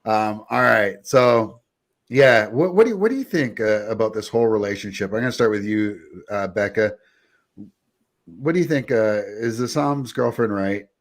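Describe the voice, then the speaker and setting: A man's voice: lowish voice, moderate pace. A man hosting a casual show, retelling scenes and often laughing as he talks. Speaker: podcast host. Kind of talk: casual review chat.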